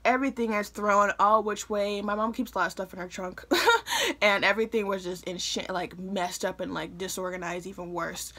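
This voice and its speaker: A woman in her early twenties from Michigan, telling a personal story to a phone camera in a chatty way, with lots of fillers and quick asides. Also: medium pitch, flat delivery, a bit bright. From Michigan, USA. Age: early 20s. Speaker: vlogger. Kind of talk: casual storytime.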